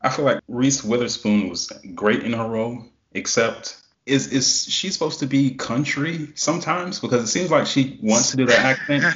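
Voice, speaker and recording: A man's voice: medium pitch, moderate pace, hardly any pauses, fairly bright tone. A man co-hosting a casual podcast chat about a TV series, often stumbling and restarting his sentences. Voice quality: hesitant, stammering restarts. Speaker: podcast co-host. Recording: roomy, dull lo-fi sound.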